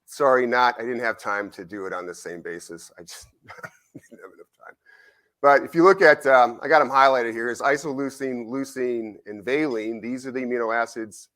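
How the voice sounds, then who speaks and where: Medium in pitch and normal in speed, a middle-aged man who researches at a university gives a conference symposium talk. His manner is animated and conversational, mixing in stories and regular "right?" checks with listeners.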